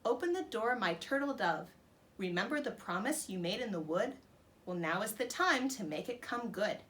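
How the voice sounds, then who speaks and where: A small, polite frog coaxes softly but keeps insisting, read by a woman. The lines rise and fall in a lively storybook voice. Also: medium pitch, normal speed, lightly acted. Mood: pleading.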